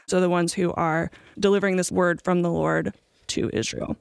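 Woman cohost on a bible podcast, explains stuff steady and clear, dry close sound. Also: fairly low pitch, moderate pace, dry recording. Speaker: podcast co-host. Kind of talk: casual podcast discussion.

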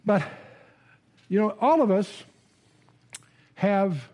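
A man's voice: high voice, sing-song, extremely slow, dark tone. A man teaching the Bible to a live audience in a conversational lecture style, often restarting with repeated words and asking the listeners questions.

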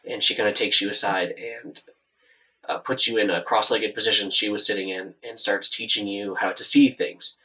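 A man running a tabletop game as game master, narrating in a soft-spoken, meandering way. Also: on the low side, fairly even intonation, moderate pace, far from the mic, low-quality recording. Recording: voice set back from the mic.

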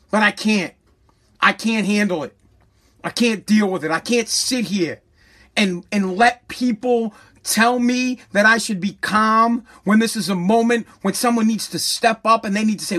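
A political commentator ranting with heavy profanity and sarcasm, swinging between loud mockery and a mock-calm hush. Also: medium pitch, a little slow.

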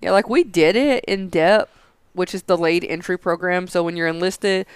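Podcast co-host, man in his thirties, loose profane chat, crisp dry voice. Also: sits high, moderate pace, no room sound. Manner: loose and profane, lots of "like" fillers. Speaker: podcast co-host, Air Force veteran. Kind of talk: casual chat.

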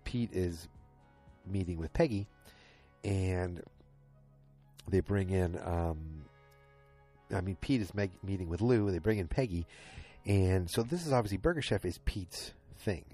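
A man's voice: deep voice, unhurried, pauses often, mellow, breathy edge, soft background music. A tired man casually recapping a TV episode, rambling and often stopping to correct himself. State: tired and yawning late at night. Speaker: podcast host recapping a TV episode.

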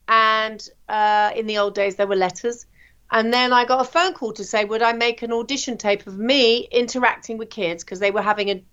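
A woman, a TV presenter, telling her career story in a chatty, animated way with plenty of ums. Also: fairly high pitch, lo-fi sound. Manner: chatty, animated anecdotes with frequent fillers. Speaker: guest, TV presenter. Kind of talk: interview storytelling.

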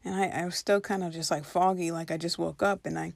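A woman's voice: lowish voice, steady tone, quick pace, creaky, no echo. A woman telling a personal spiritual story in an earnest, reflective way, now and then acting out her own past reactions.

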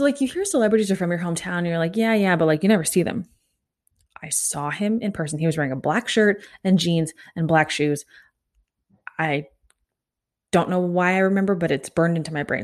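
A woman in her thirties hosting a solo podcast, telling a story in a breathless, animated way. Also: fairly low pitch. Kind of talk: casual storytelling monologue.

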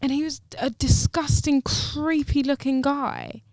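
A woman's voice: high-pitched, measured pace, darkish tone, no room sound, clean studio sound. A young woman chatting casually and bluntly, swearing freely as she tells a story. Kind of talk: casual chat.

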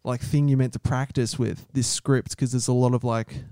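A man's voice: mid-range voice, flat delivery, moderate pace, dark tone, no room sound. Teasing man on a podcast, dry sound. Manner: teasing, swears freely. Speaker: podcast co-host. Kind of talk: casual banter.

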